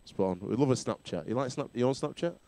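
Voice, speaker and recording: A man's voice: medium pitch, animated, fast, vocal fry, dark tone. A man hosting a casual rugby chat show, bantering and laughing often. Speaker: talk show host.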